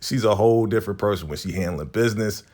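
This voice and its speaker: Deep-voiced man casually recapping a show. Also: quick pace, a little mellow. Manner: laid-back slangy retelling, acting out characters' lines.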